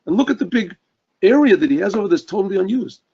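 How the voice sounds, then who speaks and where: Brief: wise old rabbi, calm and assured, read by a male storyteller; husky, lo-fi. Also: high voice, fast talker, full character voice. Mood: critical. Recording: dull lo-fi recording.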